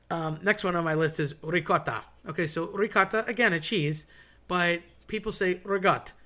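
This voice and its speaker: A host delivers a loose, chatty monologue, drifting into side stories and wry asides. His voice sits a little high for a man and sounds a bit bright.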